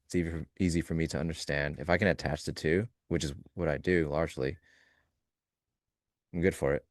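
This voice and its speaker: A man co-hosting a live trading stream, talking in a loose, joking way and thinking out loud in fragments. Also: rumbling low, fairly even intonation, brisk, no echo, clean studio sound. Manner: loose, joking, talks through ideas in fragments. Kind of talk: casual live-stream chat.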